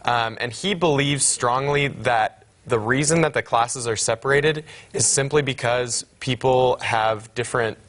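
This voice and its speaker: A young man, a student actor, describes his part as a guest on a studio TV show. His voice is mid-pitched, and he speaks in a measured, thoughtful way. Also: a bit bright. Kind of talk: TV interview.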